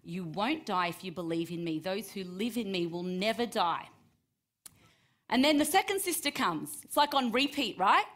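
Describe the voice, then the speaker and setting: A woman gives a sermon, reading scripture aloud and breaking off to explain it. She acts out the quoted lines with lively emphasis, her voice sitting at an ordinary middle pitch. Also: normal speed. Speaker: preacher.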